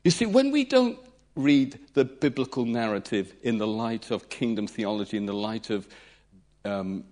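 A man preaching a sermon with animated energy, his pitch swinging widely as he retells stories. He acts out voices and pushes his points with dramatic emphasis. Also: normal speed.

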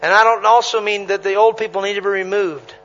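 A man preaching a sermon, telling stories with animated energy, punchy repetition and bursts of laughter. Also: high-pitched, quick pace, highs cut off. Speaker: traveling preacher.

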